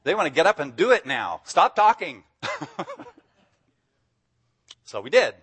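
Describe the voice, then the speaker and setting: A man's voice: on the high side, wildly swooping pitch, measured pace, fairly bright tone, husky. A man preaching as a guest speaker, enthusiastic and emphatic, often breaking into laughter. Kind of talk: sermon.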